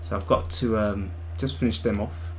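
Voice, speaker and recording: A middle-aged man chats casually on a live stream, thinking aloud in an easygoing way while he sculpts a 3D model. His voice is lowish with fairly even intonation, he speaks at a normal speed, and there's slight background noise.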